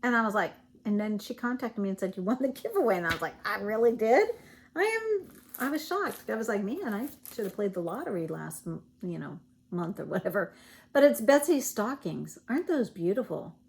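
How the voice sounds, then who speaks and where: Fairly quick and full of big pitch swings, this medium-pitched woman's voice carries vocal fry and a Southern US accent; she's a cross-stitch vlogger from Virginia. She rambles casually while showing stitching goodies, with fillers and self-corrections throughout.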